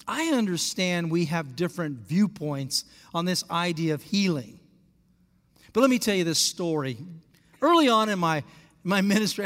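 Older male pastor, high voice, storytelling sermon in a church hall with long reverb. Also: fairly bright tone. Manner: storytelling, acts out dialogue with rising pitch.

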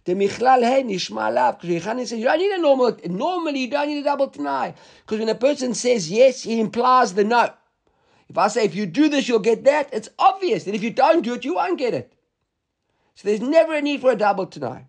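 High-voiced man teaching a Talmud class. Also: lively intonation, a little fast. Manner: reads Hebrew and Aramaic text aloud then explains in English.

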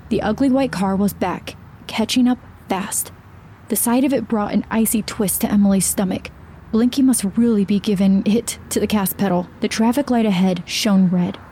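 A woman reading a horror story aloud as narrator, in a steady, measured way. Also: mid-range voice, slight background noise.

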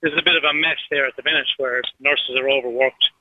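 Blunt Irish caller on a muffled line. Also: male voice, medium pitch, steady tone, fast talker, dry recording. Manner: blunt, opinionated. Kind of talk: phone-in call. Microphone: phone line.

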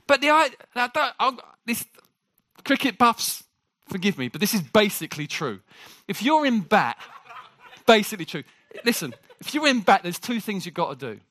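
A man preaching a sermon to a congregation. He jokes with the room and talks in an animated way. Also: high voice, moderate pace, no echo, studio quality.

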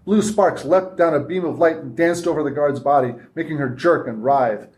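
A man's voice: a little high, moderate pace, darkish tone. Man reading his story aloud. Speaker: author reading his fiction. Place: convention reading room.

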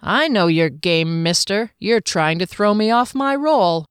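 A woman's voice: mid-range voice, expressive, a little slow, clean tone, no room sound, studio quality, natural voice. A woman voicing a blunt, casual-talking male soldier with slangy, wry speech.

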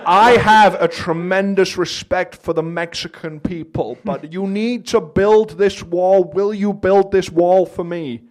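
A man's voice: high-pitched, steady tone, measured pace, few pauses, voice pushed up. A man putting on a boastful, blustering male tycoon politician in a laid-back drawl during a comedy sketch. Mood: wheedling.

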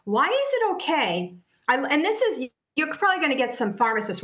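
A woman's voice: high-pitched, big pitch swings, moderate pace, few pauses, bright, forceful tone, echoey room. A woman speaking as a guest in an interview, arguing emphatically and firing off rhetorical questions. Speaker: patient advocate guest. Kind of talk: heated interview talk.

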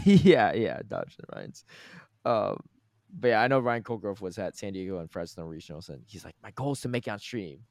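A man's voice: fairly low pitch, big pitch swings, brisk, vocal fry, darkish tone, no room sound, studio quality. Chatty male podcast host. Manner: chatty, reads out listener comments. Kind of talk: casual chat.

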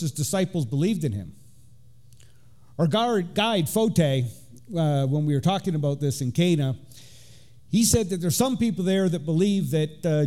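A middle-aged man preaches to his congregation with a slightly raised pitch and a soft, mellow tone. He reads scripture, then drifts into relaxed, halting commentary full of fillers and restarts. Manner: conversational, with frequent fillers and restarts. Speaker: deacon. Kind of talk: informal sermon with scripture reading.

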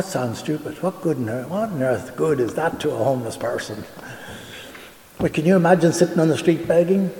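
A man's voice: mid-range voice, dark tone, a little hiss or hum. A man giving an earnest public talk, telling stories and asking rhetorical questions. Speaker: homeless charity director giving a talk. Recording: echoey hall with long reverb.

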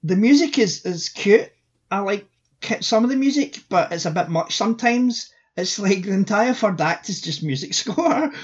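Blunt cohost going through movie notes, kinda husky voice, muffled lo-fi mic. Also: mid-range voice, animated, normal speed. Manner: wry, blunt, swears casually. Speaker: podcast co-host. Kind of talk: casual chat.

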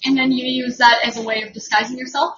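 High, bright-voiced woman asking wry questions. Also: little pitch movement, fast, reverberant, a little hiss or hum. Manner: wry, probing follow-up questions. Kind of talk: casual chat. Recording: dull lo-fi audio.

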